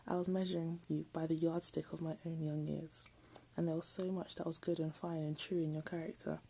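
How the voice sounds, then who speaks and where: Low, gravelly-voiced woman reading aloud. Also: flat delivery, a little fast, warm tone, a little hiss or hum, low-quality recording. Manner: self-mocking. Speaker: reader. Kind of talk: reading a text aloud with joking asides.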